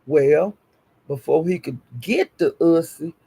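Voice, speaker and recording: A man telling a gossipy story in a casual, animated way. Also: on the high side, takes it slowly, gravelly, slightly rough.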